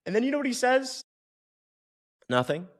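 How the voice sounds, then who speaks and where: A man's voice: very high voice, moderate pace. A man hosting a podcast, telling a story in a casual monologue, joking, profane and acting out the people he quotes. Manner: animated, acts out the people he quotes. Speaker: podcast host and personal trainer.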